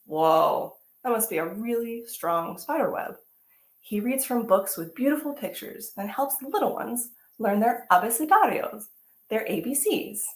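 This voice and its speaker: With a voice on the high side and an unhurried pace, a female teaching artist reads a picture book to kids in a roomy-sounding space. She's lively and exclamatory, frequently stopping to ask the children questions.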